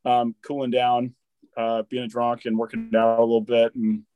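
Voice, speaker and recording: A man's voice: mid-range voice, completely flat delivery, moderate pace, warm tone. A man in his thirties, a military veteran from Wisconsin, telling a long story in casual conversation, rambling and swearing often with lots of restarts. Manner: rambling, swears freely, repeats and restarts words, says dude and bro.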